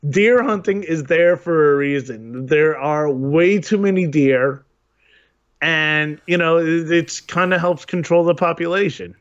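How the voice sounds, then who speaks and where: A man in casual podcast conversation, his voice sitting a little high and sounding muffled and lo-fi. He rambles, circles back and restarts his thoughts, and peppers his speech with swearing. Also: a little slow. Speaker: podcast co-host. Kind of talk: casual chat.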